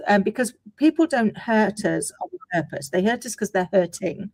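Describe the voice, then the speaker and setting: A woman's voice: medium pitch, big pitch swings, moderate pace, gravelly, a little mellow, no room sound. A woman, hosting and telling a story in an affirming way. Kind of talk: casual conversation.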